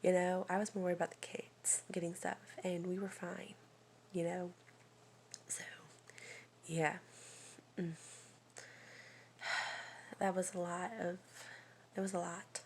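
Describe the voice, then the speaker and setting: Gravelly-voiced woman whispering a personal vlog. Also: on the low side, little pitch movement, takes it slowly, pauses often, a little hiss or hum. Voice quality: soft, often whispering. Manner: rambling, confiding, many fillers. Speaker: vlogger.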